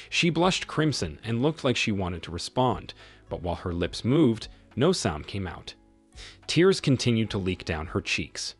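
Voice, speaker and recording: A man's voice: fairly low pitch, sing-song, a little slow, husky, soft background music. A man narrating a first-person story in a wry, bitter way.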